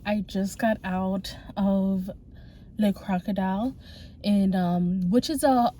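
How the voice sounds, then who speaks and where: A woman's voice: medium pitch, steady tone, slow, background noise. A young woman talking casually to the camera for her vlog, chatty and full of fillers, laughing easily. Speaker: vlogger. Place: home, then out in the city.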